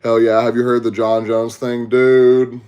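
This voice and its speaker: A young man from Texas, Southern accent and all, hosts a podcast livestream and chats casually with viewers via a headset mic, laid-back and slangy as he talks to chat. His mid-range voice is monotone, unhurried, and darkish in tone, and the audio is dull.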